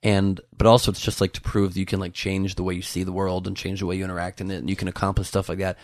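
A man's voice: low-pitched, little pitch movement, fast talker, no echo. A man guest chatting on a podcast, telling rambling stories and poking fun at himself. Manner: rambling, self-mocking storytelling. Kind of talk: casual podcast chat.

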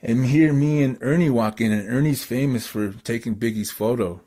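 Excitable rambling Canadian storyteller man. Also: medium pitch, moderate pace. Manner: excitable, rambling, lots of fillers. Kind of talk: casual storytelling.

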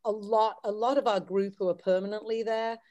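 A middle-aged English teacher from the Wirral, England, chats casually as a podcast guest, her light Scouse accent touched by American. Her medium-pitched voice is steady, fairly quick and a little mellow. She's chatty and self-deprecating, restarting her sentences often.

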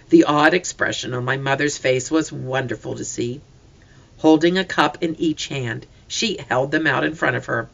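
An audiobook narrator reading a first-person story in an expressive, scripted way. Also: mid-range voice, normal speed, gravelly.

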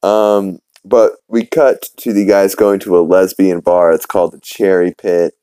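Brief: low, dark-voiced male podcast host, rambling casual recap, dry close mic. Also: flat delivery, measured pace, clear, resonant tone, no room sound. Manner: rambling, filler-heavy, swears casually.

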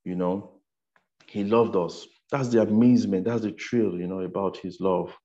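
A man's voice: low voice, fairly even intonation, unhurried, dark tone, lo-fi sound. A man preaching a sermon, repeating his lines for emphasis and punctuating them with "amen" and "you know".

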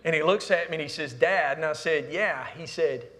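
Bright-voiced preacher in a hall. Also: male voice, on the high side, steady tone, fast. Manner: storytelling with humor, Southern "y'all". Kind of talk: sermon. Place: church sanctuary. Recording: echoey hall.

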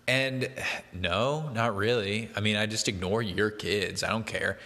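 A man's voice: on the low side, a little slow, sharp tone, big-room sound. A young man chatting casually to the camera, rambling and breaking off to laugh at his own stories. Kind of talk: casual chat.

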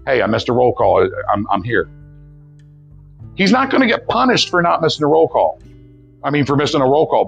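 Man, recovery group leader, slightly high gravelly voice, earnest preacherly call-and-response, faint guitar underneath. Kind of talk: motivational group talk.

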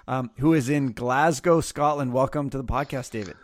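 A man's voice: medium pitch, normal speed, no room sound, clean studio sound. Chatty, enthusiastic podcast host man. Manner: enthusiastic, chatty, laughs often. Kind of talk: casual chat. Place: in Los Angeles.

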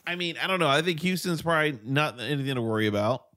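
A man's voice: on the high side, lively intonation, fast, pushed and bright, dry recording, clean studio sound. A man hosting a casual sports talk debate, speaking in a loose, rambling way with plenty of fillers.

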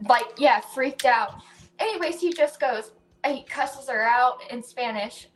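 Woman co-host, casual chat, lively laughing storyteller, higher voice, swears freely. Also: measured pace.

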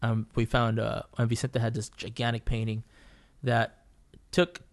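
A man's voice: medium pitch, level tone, a little slow. A man, a painter and podcast guest, telling a story in casual chat, swearing freely and rambling through fillers and restarts.

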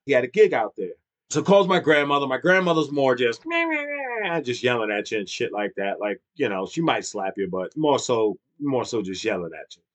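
A man's voice: mid-range voice, a little fast. A man in his thirties telling a funny childhood story in casual chat, swearing freely and laughing often. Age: 30s.

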